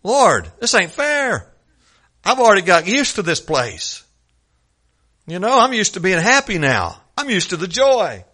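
A man's voice: sits high, huge pitch swings, a little slow, pushed and bright, pitched above the performer's own voice, heavily acted. A man preaching and voicing a resurrected man who protests about leaving heaven, speaking in a pleading, folksy way. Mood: protesting.

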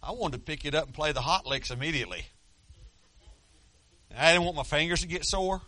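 Middle-aged man, pastor giving a folksy, joking sermon; bright, forceful voice, dry close sound. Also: a little high, expressive, brisk, no room sound. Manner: folksy, joking, rising to loud emphatic preaching.

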